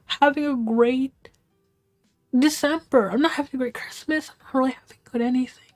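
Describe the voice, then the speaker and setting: A woman livestreamer vents to her viewers late at night at home. She keeps her voice low, often dropping to a half-whisper, and rambles with frequent restarts and casual swearing. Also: steady tone, a little fast, soft background music. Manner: hushed, half-whispered talk to keep quiet. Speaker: live streamer. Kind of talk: venting storytime on a livestream.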